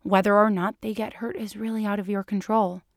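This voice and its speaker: A woman doing a calm, dry female doctor. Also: mid-range voice, brisk, no room sound, lightly acted.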